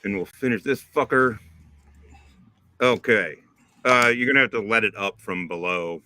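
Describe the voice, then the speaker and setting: A man's voice: lowish voice, normal speed, sharp tone, a little hiss or hum. A man hosting a live stream in casual chat, crude and combative, swearing freely. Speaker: podcast host.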